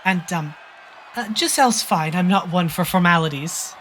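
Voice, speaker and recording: Someone doing a bright, stammering young princess. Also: medium pitch, moderate pace, a little hiss or hum, close to an everyday voice. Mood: flustered. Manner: flustered, stammering, formal. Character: gentle, nervous young princess.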